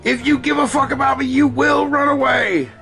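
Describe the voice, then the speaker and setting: A man doing a high, frantic, shouting voice for a panicked young man as he jokingly dubs an old silent film. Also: steady tone, moderate pace, soft background music, exaggerated voice.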